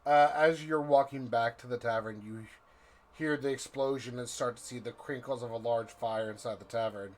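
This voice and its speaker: A man's voice: medium pitch, steady tone, a little hiss or hum. A man narrating as game master of a tabletop game, drawing out his descriptions. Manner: slow, drawn-out, vivid description.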